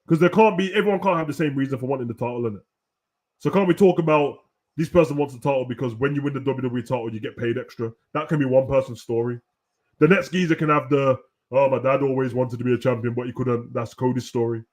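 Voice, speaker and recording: A young man hosting a casual, animated wrestling rant full of slang, at times breaking into shouts. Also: medium pitch, fast. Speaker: host. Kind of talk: casual ranting commentary.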